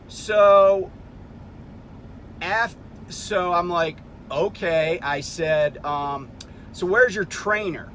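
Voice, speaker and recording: A blunt middle-aged man recounts a run-in at a truck stop in a casual, exasperated way, swearing freely. His voice sits a bit high for a man. A faint rumble of vehicles carries through the outdoor recording. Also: takes it slowly, fairly bright tone. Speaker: truck driver vlogger. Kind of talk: casual storytelling rant.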